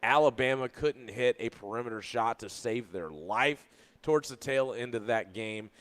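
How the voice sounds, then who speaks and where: A man's voice: medium pitch, moderate pace, fairly bright tone. A man co-hosting a sports radio show, talking basketball in a loose, rambling way full of restarts. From Louisville, Kentucky. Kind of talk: casual sports talk. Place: radio studio.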